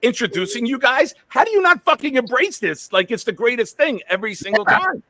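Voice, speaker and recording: Animated storytelling man, bright voice. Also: very high voice, brisk. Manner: animated storyteller, swears freely. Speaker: show host. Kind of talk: casual live-stream chat.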